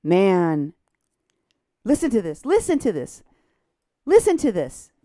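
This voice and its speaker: A woman's voice: medium pitch, wildly swooping pitch, slow, dry recording, studio quality. A woman talking on a radio show in a heated, indignant way, reading posts aloud with scorn and her voice climbing toward outrage. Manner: indignant, agitated, rising to near-shouting outrage; reads social media posts aloud with scorn. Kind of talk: heated talk radio commentary.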